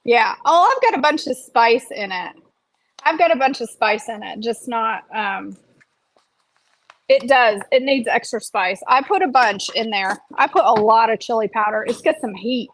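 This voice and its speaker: A woman's voice: fairly high pitch, normal speed, a bit bright, rough recording. A woman health coach chatting playfully while she eats on a casual livestream, with self-deprecating jokes. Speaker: health coach and vlog host.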